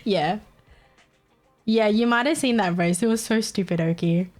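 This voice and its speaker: A woman's voice: medium pitch, moderate pace, faint music behind. An Australian woman chatting casually on a live stream, giggling constantly and swearing freely. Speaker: livestreamer.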